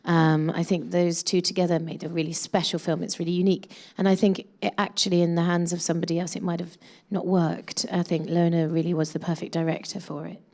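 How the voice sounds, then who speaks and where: A woman's voice: fairly low pitch, flat delivery, brisk, a little mellow. A woman in her thirties, an actress chatting casually in a press interview, with many fillers and restarts.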